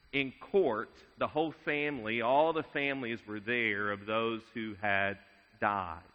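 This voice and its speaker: A man preaching a sermon in a measured way, dropping his voice to a hush at solemn moments. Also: mid-range voice. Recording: dull sound with long reverb in a large hall.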